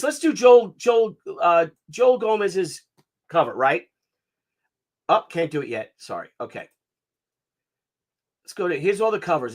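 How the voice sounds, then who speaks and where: A man hosting a casual live stream, talking excitedly and chatting with his viewers. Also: high voice. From Italian heritage.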